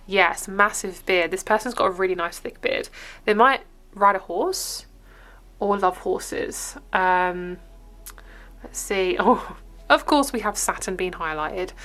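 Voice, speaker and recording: A woman's voice: medium pitch, unhurried, sharp tone. Chatty English woman reading tarot. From England. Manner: chatty, rambling, upbeat. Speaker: tarot reader. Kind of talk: casual tarot reading to camera.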